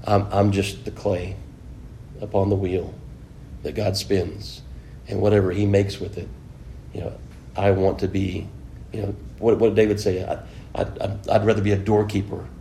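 Guy teaching a bible class, mellow dark voice, laid back and chatty, faint rumble behind. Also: little pitch movement, moderate pace, creaky. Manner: conversational, asks the class questions, many "you know" fillers. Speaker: preacher.

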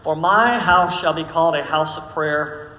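A man's voice: on the high side, a little slow, pushed and bright. A man preaching a sermon, emphatic and full of questions to the congregation. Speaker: pastor. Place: church sanctuary. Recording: echoey reverberant church hall.

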